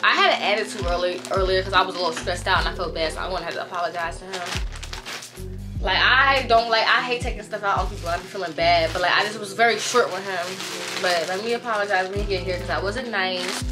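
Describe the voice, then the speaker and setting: A woman's voice: mid-range voice, quick pace, over music. A 22-year-old woman chatting slangily and animatedly in a casual diary vlog. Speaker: vlogger.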